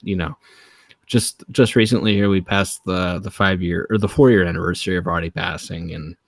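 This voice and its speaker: A man's voice: deep voice, fairly even intonation, normal speed, no room sound. A man co-hosting a casual podcast chat, enthusiastic, laughing often and restarting his phrases.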